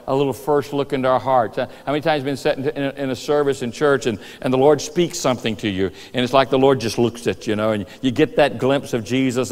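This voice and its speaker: A man preaching a sermon in a church, telling the story lively and acting out voices and rooster calls. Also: mid-range voice. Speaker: pastor. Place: church sanctuary. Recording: reverberant church hall.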